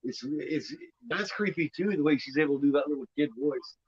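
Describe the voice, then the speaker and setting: A man's voice: fairly high pitch, brisk, a little mellow, slightly rough, no echo. A man in his fifties hosting a casual movie commentary, rambling and repeating himself with lots of "you know what I mean.". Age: 50s. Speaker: host. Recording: dull lo-fi sound.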